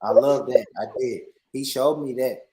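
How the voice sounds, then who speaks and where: A man's voice: moderate pace, slight background noise, rough recording. A man from Tennessee, chatting casually and animatedly on a live online panel. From Tennessee, USA. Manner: animated, laughing, mocking high-pitched put-on accents.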